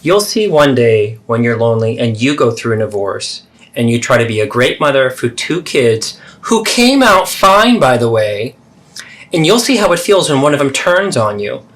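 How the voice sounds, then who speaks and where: A man's voice: mid-range voice, sing-song, moderate pace, a bit bright. A man voicing a defensive, self-pitying middle-aged mother in a therapy role-play, deflecting and indignant. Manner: dramatic, deflecting, swings between hurt and indignant.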